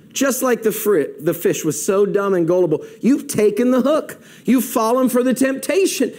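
Animated high-voiced male pastor preaching. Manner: animated, conversational preaching with object lessons. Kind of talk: sermon. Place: church, streamed online.

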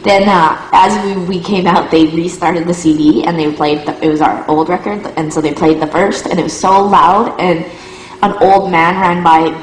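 A woman's voice: fairly low pitch, fairly even intonation, moderate pace, a little hiss or hum. A young adult woman musician telling a rambling tour story in casual chat, with lots of "like" and "um". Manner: rambling, full of "like" and "um", laughing at her own story. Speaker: touring musician. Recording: echoey room.

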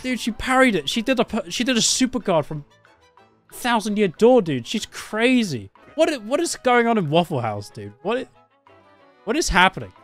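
A young man streaming a game live, excitable and foul-mouthed, reacting loudly and laughing often. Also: normal speed, faint music behind. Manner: excitable, swearing, laughing often, jumps up and down in pitch.

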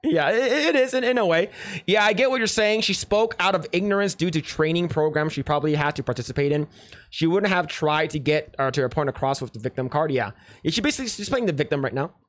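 A man's voice: a little high, animated, fast talker, no echo. A man chats loosely to his livestream audience, restarting sentences and repeating words as he goes. He reads viewer comments aloud and reacts in a plain, everyday voice. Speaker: livestream host.

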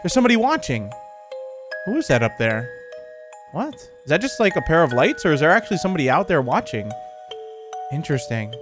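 Man, let's play commentary, excitable, exclamation-heavy, a bit high-pitched. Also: a little fast, long pauses, over music. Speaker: gaming video host.

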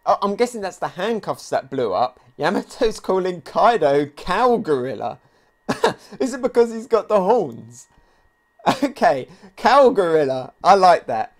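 A man hosting a live comic reaction video, reading pages aloud and thinking out loud with excitement. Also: sits high, a little slow. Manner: excitable, thinks aloud, reads quotes along. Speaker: manga reaction video host.

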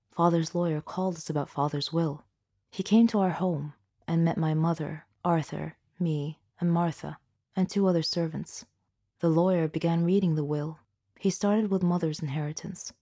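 Low, mellow-voiced woman narrating a story. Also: slightly rough. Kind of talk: first-person scripted story narration.

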